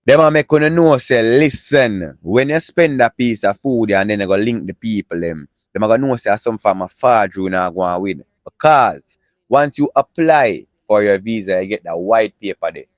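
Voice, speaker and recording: Lively Jamaican man hosting news. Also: on the low side, normal speed, no room sound, muffled recording. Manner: animated, chatty, full of catchphrases. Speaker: entertainment news host. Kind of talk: casual news vlog narration in patois.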